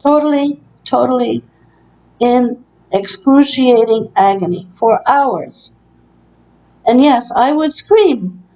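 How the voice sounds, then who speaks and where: Brief: bedbound woman recording a testimony in her care-home room, mellow tone, earnest and aggrieved, halting delivery. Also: a little high, rough recording. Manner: earnest, aggrieved, hesitant with frequent uh. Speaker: long-term care resident. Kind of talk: personal testimony vlog.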